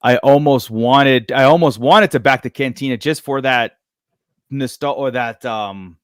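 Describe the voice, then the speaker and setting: This is a man in casual podcast conversation, chatty and quick to laugh. He trails off and restarts his thoughts freely. His voice sits at an average pitch, recorded close and dry with no room sound. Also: clear, resonant tone, dry recording. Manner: chatty, laughs often, trails off mid-sentence. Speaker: podcast host. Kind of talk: casual livestream chat.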